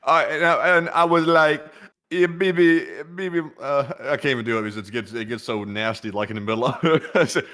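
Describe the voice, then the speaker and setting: A man voicing a boastful, blustering male president with an over-the-top, drawn-out delivery. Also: medium pitch, fairly bright tone, close to an everyday voice.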